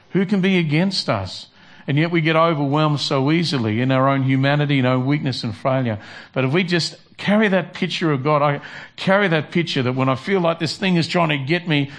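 A male pastor, giving a conversational sermon with many restarts. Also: medium pitch.

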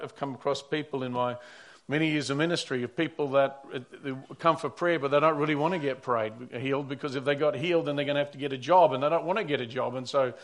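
A man who is a pastor preaching a sermon, telling stories earnestly and often repeating or restarting his words. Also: medium pitch.

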